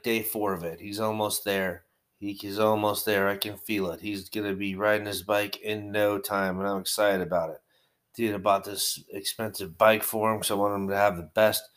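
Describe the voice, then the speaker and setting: A slightly low-voiced man rambles at home about his hobby and life. He talks loosely and conversationally, drifting into profane rants along the way. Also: fairly bright tone. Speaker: hobby wargaming vlogger. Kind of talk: rambling casual monologue.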